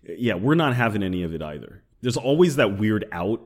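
A man's voice: lowish voice, very animated, a little fast. A man co-hosting a podcast, talking bluntly and animatedly with plenty of swearing. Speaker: podcast co-host. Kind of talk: casual chat.

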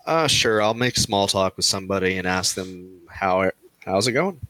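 A man's voice: deep voice, expressive, normal speed, bright, forceful tone, dry recording, low-quality recording. A man playing a tabletop game, chatting in a casual, curious way. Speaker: player.

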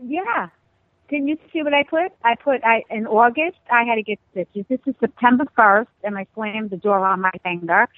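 A middle-aged woman calling in by phone, telling stories about herself in an animated, self-mocking way. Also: on the high side, normal speed, no echo. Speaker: guest caller, host's mother. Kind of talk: phone-in chat. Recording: tinny, dry phone line.

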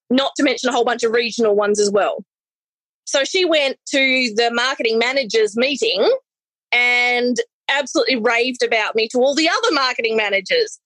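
A chatty woman, a balloon artist, telling a story casually with animated self-corrections. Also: high voice, no echo, poor audio.

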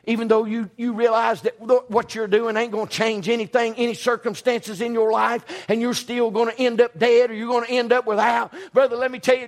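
A folksy preacher telling a scripture story with emphatic, dramatic swings between hushed asides and shouted points. His voice sits high for a man. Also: level tone, a little fast, few pauses. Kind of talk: storytelling sermon.

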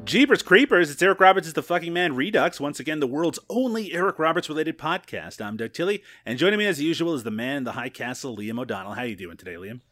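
A man's voice: a little high, animated, fast, few pauses, a bit bright. A man hosting a podcast in casual chat, joking and playful with his co-host and guest. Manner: jokey, playful, drops to a whisper for gags.

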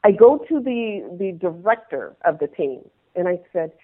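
Woman guest, animated storyteller, tinny phone-quality line. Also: on the low side, normal speed, hardly any pauses. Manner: animated, acts out scenes in changing voices. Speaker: interview guest, former pro dancer. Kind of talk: personal storytelling in conversation.

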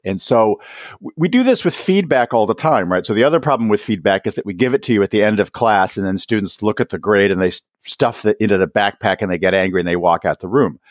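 Animated man explaining teaching ideas. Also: on the low side, no echo, clean studio sound. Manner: animated, acts out teachers and students in quick asides. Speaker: guest, author and educator. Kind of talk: podcast interview.

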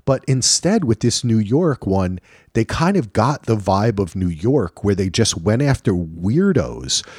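A low-pitched man co-hosting a podcast in relaxed, lively chat. He acts out quick back-and-forth exchanges as he talks. The recording is dry, with no room sound. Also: husky, no echo. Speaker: podcast co-host. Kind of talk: casual chat.

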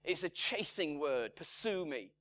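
A man preaching a sermon, measured and emphatic, his voice swinging from strong lines down to hushed, quiet ones. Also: a little high, very animated. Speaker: pastor. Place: church in Salford.

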